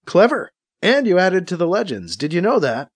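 A man's voice: high voice, sing-song, moderate pace, voice pushed up, heavily acted. A man reading an audiobook, voicing a persistent young man who coaxes and jokes. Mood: coaxing. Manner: pushy, coaxing. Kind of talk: audiobook character voice.

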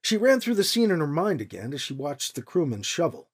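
Husky-voiced woman narrating expressively. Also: low voice, a little fast. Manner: expressive storytelling. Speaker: audiobook narrator. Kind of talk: scripted narration.

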